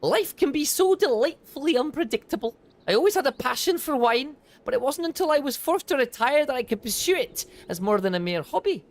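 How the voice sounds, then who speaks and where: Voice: sits high, big pitch swings, fairly quick, voice pushed up. A streamer voicing a small, blind, retired mercenary turned wine merchant, with a put-on Scottish accent and a raised, theatrical delivery. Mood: musing. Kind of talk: reading game dialogue aloud.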